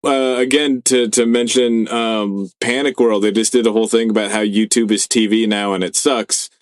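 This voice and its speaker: A man's voice: lowish voice, fairly even intonation, moderate pace, no room sound. A man co-hosting a podcast in casual chat, swearing a lot and rambling with many fillers. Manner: profane, rambling, heavy fillers. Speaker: podcast co-host.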